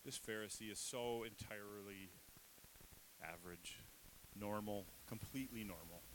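A man preaching a sermon, emotional and shifting between hushed and raised delivery, acting out inner voices in asides. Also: fairly low pitch, steady tone, normal speed, noisy background. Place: church stage.

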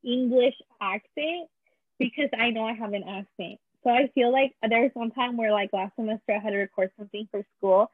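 A woman's voice: on the high side, steady tone, fast, few pauses, husky, no echo. A young woman from Mexico with a Mexican Spanish accent, chatting casually with lots of fillers and switching into Spanish. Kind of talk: casual chat. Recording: tinny phone line.

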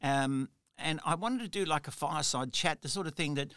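A man's voice: a little high, a little fast, a bit bright, no echo, studio quality. A middle-aged man hosting a solo motivational podcast, talking in an earnest, rambling way full of "you know". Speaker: podcast host.

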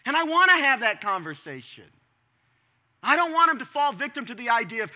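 Bright, high-voiced preaching man. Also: fairly quick. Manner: conversational preaching with sudden animated bursts. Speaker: pastor. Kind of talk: sermon.

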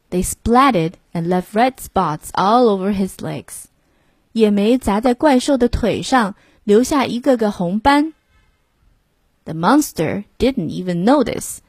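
A woman narrating a bilingual children's storybook with a breathy voice and an expressive, slow reading. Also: medium pitch, no room sound.

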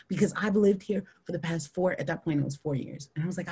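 A woman in her thirties, a podcast guest telling a story in an animated way, acting out the people she quotes. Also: fast, few pauses, breathy edge. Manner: animated, acts out quoted people in high voices.

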